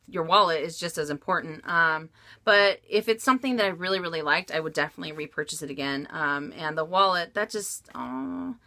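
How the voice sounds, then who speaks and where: A woman's voice: lowish voice, bright, forceful tone. A woman vlogger answering viewer questions about luxury bags in frank, chatty talk with frequent laughs and fillers. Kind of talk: casual Q&A vlog chat.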